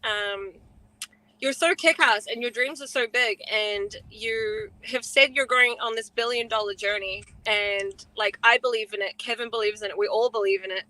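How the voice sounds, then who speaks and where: A woman's voice: a little high, normal speed, sharp tone, no room sound, rough recording. A woman co-hosting a podcast, talking in an effusive, gushing way with many fillers. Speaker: co-host. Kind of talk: casual podcast chat.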